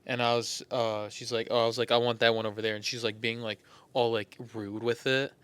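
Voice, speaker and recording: A man's voice: mid-range voice, flat delivery, a little fast, fairly bright tone, clean tone. A young man co-hosting a casual podcast, rambling and trailing off with many fillers. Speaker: podcast co-host. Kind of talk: casual chat.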